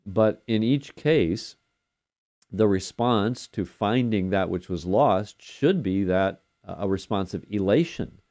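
Older male devotional host, warm low voice, chatty pace with plenty of fillers. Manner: unhurried, conversational, with frequent fillers. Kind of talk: daily devotional sermon.

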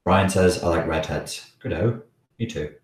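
A man from the Wirral in England, with a Scouse accent and a blocked nose from a cold, hosts a casual live Q&A chat, hesitant with many restarts and chuckling as he talks. His voice is low and measured in pace, captured in an echoey room on a distant mic in a rough recording.

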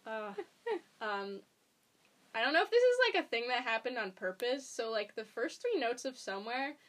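A woman's voice: on the high side, very animated, normal speed. A young woman chatting casually as a podcast guest, rambling with many ums and likes. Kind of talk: casual chat.

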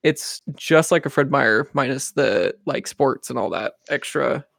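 A man's voice: mid-range voice, lively intonation, measured pace, gravelly, a bit bright, dry recording, clean studio sound. A young man casually telling a rambling story among friends, with lots of fillers.

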